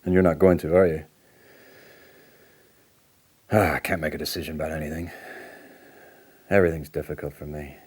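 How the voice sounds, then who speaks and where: Late-forties man, playing a deep-voiced, raspy, volatile addict in counselling; swings from outbursts to shame. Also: little pitch movement, normal speed, long pauses, a little mellow. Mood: angry, bitter. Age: late 40s. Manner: swings between outbursts and low, muttered apology. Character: angry recovering male addict near fifty, volatile and ashamed. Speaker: counselling client in a training role-play.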